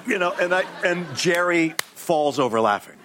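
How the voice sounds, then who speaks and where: A middle-aged man, a guest actor on a TV talk show, telling anecdotes in a lively way, acting out voices and laughing often. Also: high voice, normal speed, noisy background.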